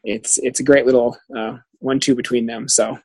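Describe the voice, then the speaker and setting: A man co-hosting a casual chat, agreeable and quick with many fillers. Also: mid-range voice, flat delivery, darkish tone, breathy edge, no echo, rough recording. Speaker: podcast co-host.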